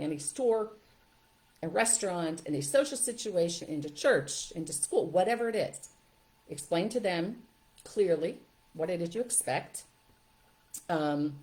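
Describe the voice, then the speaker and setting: Chatty older woman giving parenting advice. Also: on the low side. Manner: chatty, animated, laughs often. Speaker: parenting educator. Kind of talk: live webinar Q&A.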